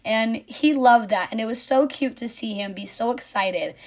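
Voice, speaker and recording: A woman, likely in her thirties, speaking earnestly and warmly as a mother reflecting on her son, at times dropping to a soft whisper. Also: a little high, normal speed. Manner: earnest, heartfelt, soft-spoken with quiet whispered asides. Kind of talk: personal reflective monologue.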